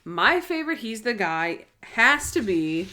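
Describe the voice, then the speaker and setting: A woman's voice: on the high side, big pitch swings, unhurried, bright, forceful tone, a little hiss or hum. A woman co-hosting a podcast, chatting casually and gushing like an enthusiastic fan. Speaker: podcast co-host. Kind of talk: casual chat.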